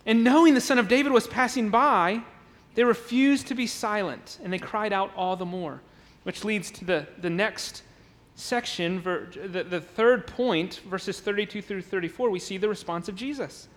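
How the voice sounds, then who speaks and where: A man's voice: high voice, moderate pace, a bit bright, long reverb tail. A man preaching a sermon in a church, emphatic and repeating words as he builds his points, now and then acting out the crowd's voices. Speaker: pastor. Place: church sanctuary.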